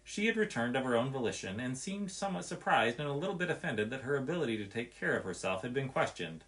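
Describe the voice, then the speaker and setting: Man reading a storybook out loud, medium voice, steady and expressive. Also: medium pitch, quick pace, few pauses.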